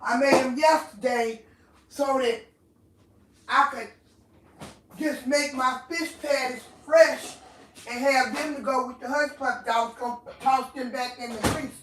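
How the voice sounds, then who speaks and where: In an echoey room with faint noise, a woman vlogger rants at home, her high voice caught off-mic and distant. She curses and circles back over the same complaints in Southern African American vernacular, delivering an angry venting monologue.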